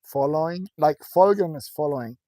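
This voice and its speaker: A man with a German accent chatting casually as a dog trainer, lively and explaining patiently. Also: a little high, fairly quick, no echo. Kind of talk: casual chat.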